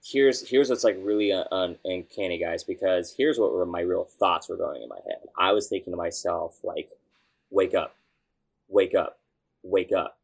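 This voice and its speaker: A young man, a youth pastor, telling a story in a casual interview, animated and excitable, with bursts of shouting. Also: low-pitched, moderate pace, gravelly.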